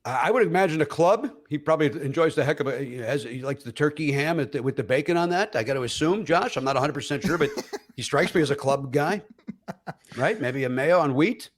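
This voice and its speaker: Animated, slightly high-voiced comedian man. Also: fairly quick. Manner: acts out other people's voices, with many fillers and laughs. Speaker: comedian guest. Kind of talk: animated comic storytelling.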